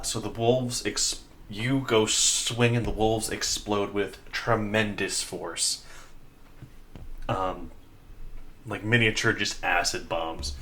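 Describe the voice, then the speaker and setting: A man narrating a tabletop game as game master, in a measured, descriptive way with many fillers. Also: lowish voice, bright, forceful tone, a little hiss or hum.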